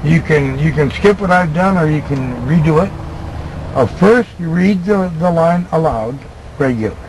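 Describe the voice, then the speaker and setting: An older man coaching someone to read scripture aloud, joking and animated as he teaches. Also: a little high, normal speed, slight background noise, rough recording. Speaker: teacher of Bible reading aloud. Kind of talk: casual coaching chat.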